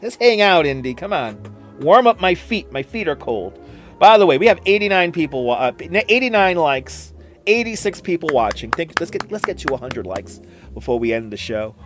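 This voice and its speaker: A middle-aged New York man talks loosely to his live-stream viewers, circling back over the same phrases and laughing as he goes. His voice sits a little high for a man. Faint music plays under him. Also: expressive, moderate pace. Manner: rambling, repeats phrases, laughs often. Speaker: livestream host. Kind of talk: casual live-stream chat reading viewer comments. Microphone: computer streaming setup.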